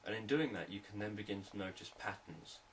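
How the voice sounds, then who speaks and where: A man, a hypnotherapist, explaining sales techniques in a calm, repetitive, unscripted teaching talk. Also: fairly low pitch, a little fast, distant mic, slight background noise, low-quality recording.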